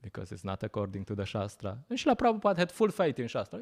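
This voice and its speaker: A man giving a scripture class, telling stories in an animated way, often laughing and pausing with fillers. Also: fairly low pitch, vocal fry. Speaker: lecturer at a temple program.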